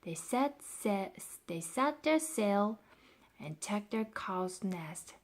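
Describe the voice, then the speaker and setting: Storybook narrator, woman, slow, unhurried, expressive read with soft whispers. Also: mid-range voice. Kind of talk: scripted narration.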